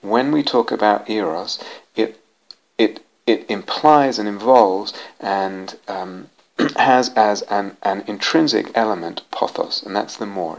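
A man's voice: fairly low pitch, slow, gravelly, low-quality recording. A man giving a dharma talk to a retreat group, searching for words, repeating key words and often restarting his sentences. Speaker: meditation teacher. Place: retreat center meditation hall.

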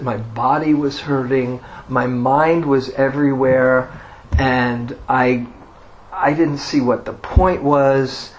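A man giving a dharma talk as a meditation teacher, telling a personal story in an unhurried way with self-deprecating humor. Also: mid-range voice, slight background noise, rough recording.

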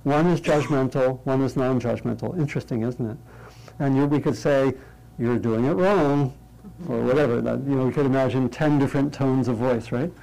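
A man leading a meditation class in an interactive talk, lighthearted and checking in with the group, thinking aloud through pauses and restarts. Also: medium pitch, steady tone, vocal fry, dark tone, rough recording. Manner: light, humorous, often checks in with "right?". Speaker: meditation teacher.

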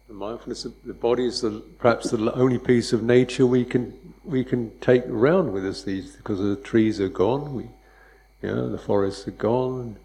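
A man teaching meditation in a loose, conversational dharma talk, wry and quick to laugh, checking in with "yeah?". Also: medium pitch, warm tone, poor audio. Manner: wry, laughs often, mimics hurried speech and beeps.

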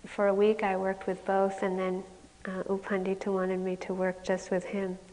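A woman's voice: medium pitch, completely flat delivery, normal speed, a little mellow. A woman meditation teacher giving a candid dharma talk at a retreat, with self-mocking stories that often break into laughter. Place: retreat center meditation hall. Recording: long hall reverb.

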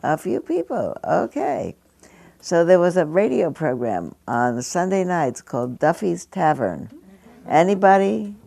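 A woman's voice: fairly low pitch, sing-song, a little slow, creaky, mellow, dry recording. A woman over seventy giving a meditation teacher's dharma talk to an audience, conversational and storytelling, with frequent chuckles. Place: meditation hall.

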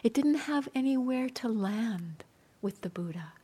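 A woman meditation teacher giving a dharma talk in a gentle, soft-spoken, unhurried way, with light laughter between points. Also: fairly high pitch, lively intonation, slightly rough.

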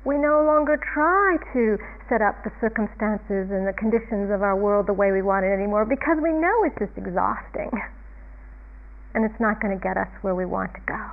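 A woman giving a reflective, unhurried Buddhist dharma talk as a meditation teacher, chuckling often. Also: medium pitch. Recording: tinny phone-like line.

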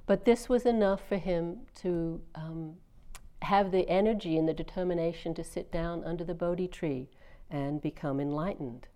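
A middle-aged woman teaches at a meditation retreat, telling the story in a relaxed, conversational way with small fillers and restarts. Her voice sits a little low and sounds warm and mellow, and she speaks like a teacher giving a dharma talk. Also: moderate pace.

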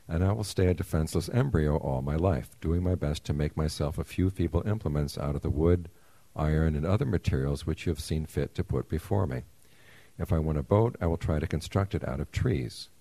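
A man's voice: rumbling low, dark tone, no room sound. A man voicing a small, humble human embryo in a fable, pleading earnestly and modestly.

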